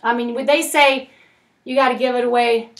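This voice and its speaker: A woman's voice: a little high, steady tone, moderate pace, far from the mic. A woman leading a parenting class for people in recovery, talking frankly and emphatically with many tag questions. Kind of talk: recovery group lesson. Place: meeting room with group.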